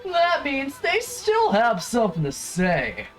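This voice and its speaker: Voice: medium pitch, huge pitch swings, takes it slowly, soft background music, voice pushed up. A streamer voicing a tiny brash male companion who bossily explains the game's rules. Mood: bossy. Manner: bossy, explains game rules. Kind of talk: reading game dialogue aloud in voices.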